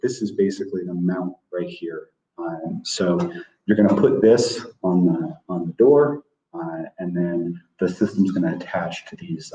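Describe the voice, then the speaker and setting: A low-voiced man with a mellow tone walks through a product in a webinar, hesitating often and leaning on filler words. He sounds distant and roomy, with dull, muffled audio from a video call. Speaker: product presenter. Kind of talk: webinar presentation.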